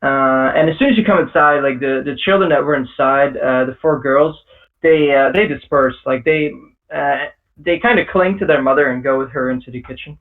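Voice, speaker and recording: A man's voice: mid-range voice, normal speed, distant mic, phone-quality sound. A man narrating as game master in a tabletop game, hesitant and full of fillers. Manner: hesitant, filler-heavy, laughs often.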